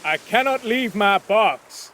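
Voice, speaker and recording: A man voicing a frightened, stubborn passenger who refuses to leave his belongings, speaking slowly in a raised voice. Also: sits high, lively intonation, bright, forceful tone, a little hiss or hum, voice pushed up, exaggerated voice. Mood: stubborn pleading. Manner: stubborn, slow frantic pleading. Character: desperate frightened man clinging to his box.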